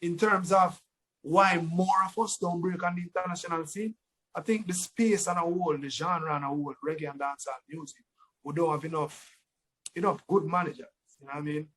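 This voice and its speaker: A man with a Jamaican accent, a dancehall artist talking casually in an interview, relaxed and often repeating words as he thinks. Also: a little high, brisk, poor audio. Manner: relaxed, repeats words, breaks into his song lines.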